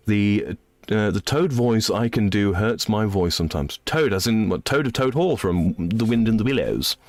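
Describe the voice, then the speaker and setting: A man in his thirties streams a game, rambling casually as he reads chat messages aloud and responds to them. His voice sits in the mid-range, and the recording is dry.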